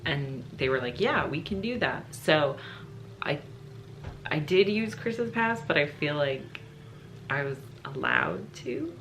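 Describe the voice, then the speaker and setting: A young woman vlogger telling a storytime, her voice sitting a little low. She is openly emotional, choking up and laughing through tears as she talks. A faint background hiss sits under the recording. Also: animated, slow, a bit bright. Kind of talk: casual storytime.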